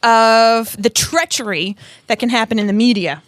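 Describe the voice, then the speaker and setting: A woman's voice: on the high side, normal speed, no echo. A woman co-hosting a podcast, chatting casually while recapping a book chapter and laughing often. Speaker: podcast co-host.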